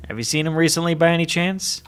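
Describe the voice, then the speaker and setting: A man's voice: on the high side, quick pace, fairly bright tone, slight background noise, pitched above the performer's own voice, close to an everyday voice. A man voicing a polite, dry male animal detective who questions witnesses in a game. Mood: questioning.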